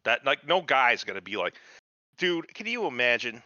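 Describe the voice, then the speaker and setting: A man's voice: mid-range voice, big pitch swings, moderate pace, pushed and bright, lo-fi sound. A man in casual podcast chat, rambling and profane, acting out the voices of people he describes. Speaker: podcast host.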